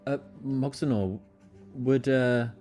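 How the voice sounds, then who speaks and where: A man's voice: mid-range voice, takes it slowly, over music. A man taking part as a player in casual tabletop game talk, easygoing and questioning.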